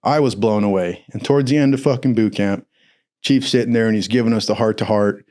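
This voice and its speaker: A man in casual storytelling, swearing freely, laughing often, and acting out quoted lines in a higher voice. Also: fairly quick, a little mellow. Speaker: podcast storyteller.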